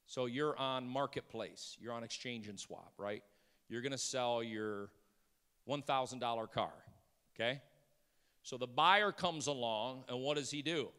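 A man's voice: medium pitch, fairly quick, in a large hall. A middle-aged man preaching a sermon, telling stories and acting out the people in them. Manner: storytelling, acts out voices, builds to shouting. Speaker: pastor.

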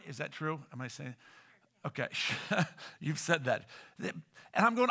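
Animated, bright-voiced male pastor preaching. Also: on the high side, a little slow, gravelly, pauses often. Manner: animated, swings between loud emphasis and hushed near-whispers, repeats words. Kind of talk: sermon.

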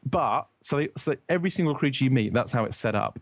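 A man's voice: mid-range voice, expressive, brisk, few pauses, no echo. A man from the UK in casual podcast chat, rambling and searching for words, laughing often.

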